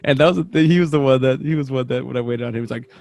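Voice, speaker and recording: A man's voice: mid-range voice, rapid-fire, creaky, a little mellow, no echo. A young man, co-host of a podcast, telling rambling stories in casual chat and acting out the voices of people he quotes. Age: young adult.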